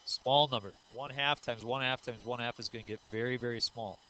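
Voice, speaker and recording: A man's voice: medium pitch, steady tone, a little fast, sharp tone, rough recording. A man in his thirties giving a recorded math lecture, explaining step by step and asking the class questions, with frequent 'uh' and 'um'. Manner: says 'uh' and 'um' often. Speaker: math teacher.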